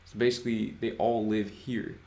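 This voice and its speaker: A man in his twenties hosting a casual livestream chat, relaxed and reading chat aloud. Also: lowish voice, normal speed, vocal fry, echoey room. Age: 20s. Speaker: livestream host.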